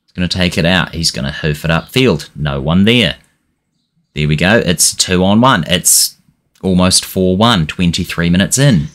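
Young male game streamer, low voice, narrates matches and loses his temper at the team. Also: moderate pace. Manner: frustrated, swearing, shouting at his players. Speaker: gaming channel host. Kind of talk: let's-play commentary.

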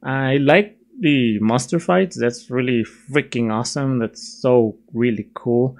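A man's voice: mid-range voice, slow. Chatty young man rambling through a review. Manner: chatty, laughs often, self-mocking. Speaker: video reviewer. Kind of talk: casual rambling review while drawing.

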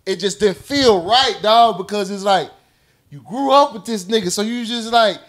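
A man's voice: high voice, normal speed, a bit bright. A man from Little Rock hosting a podcast, telling a story in a casual chat, swearing and acting out the voices. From Little Rock, Arkansas. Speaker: podcast host.

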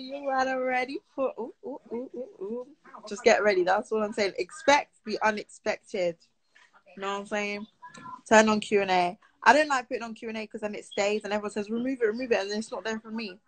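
A woman's voice: mid-range voice, rough recording. A teenage girl from Britain, chatting casually on a live stream and answering viewer comments aloud.

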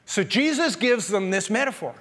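High-voiced man preaching in a reverberant church. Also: normal speed. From Canada. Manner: animated, conversational preaching with jokes and asides to the congregation. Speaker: pastor. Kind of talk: sermon. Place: church sanctuary.

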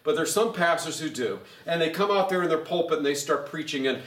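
A male pastor teaching a Bible study in an animated, sarcastic way, growing loud when he gets excited. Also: fairly high pitch, quick pace, hardly any pauses. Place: church. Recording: echoey room, mic far off.

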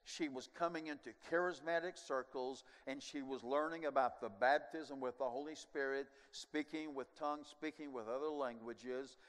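An older man preaching a sermon, telling a personal testimony as an animated storyteller who swings from hushed to loud with chuckling asides. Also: medium pitch, normal speed, few pauses. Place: large church sanctuary. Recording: long reverb of a large sanctuary.

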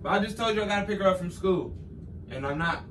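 A man faking a heated argument with his mother for a prank vlog, loud and repeating himself insistently. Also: high voice, quick pace, distant mic. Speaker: prankster vlogger. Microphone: camera set up in the room. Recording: roomy, from off-mic, with background noise.

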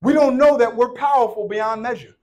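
Male pastor, high voice, casual joking sermon delivery in a church. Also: brisk, darkish tone. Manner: playful, conversational preaching with call-and-response. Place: church sanctuary. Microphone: handheld or worn microphone.

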